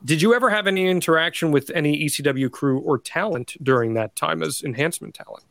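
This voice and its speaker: A man hosting a podcast who asks measured questions and sets up the history for his guest. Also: on the high side, creaky, fairly bright tone, dry recording. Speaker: podcast host. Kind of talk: interviewer, casual.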